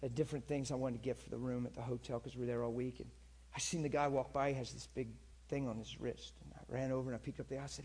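A man's voice: mid-range voice, flat delivery, fast, darkish tone, a little hiss or hum. A man preaching, telling a story in an earnest, conversational way and speaking straight to his listeners. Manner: earnest, conversational, direct address. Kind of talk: sermon storytelling.

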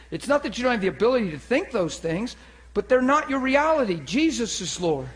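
A male pastor preaching with animated energy, acting out little voices and sound effects as he teaches. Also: very high-pitched, brisk. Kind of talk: sermon.

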